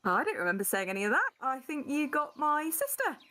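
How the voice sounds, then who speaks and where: A woman's voice: high-pitched, big pitch swings, quick pace, pushed and bright, voice pushed up, exaggerated voice. Cheeky young halfling girl, woman player in character, light and evasive. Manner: breezy and evasive.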